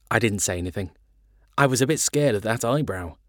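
A man reading children's stories aloud in an animated, playful storytelling manner. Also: lowish voice, fairly quick, no echo, studio quality. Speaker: reader.

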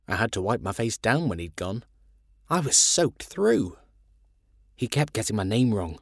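A man reading children's stories aloud in an animated, playful storytelling manner. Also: lowish voice, measured pace, gravelly, pauses often, no echo, studio quality. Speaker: reader.

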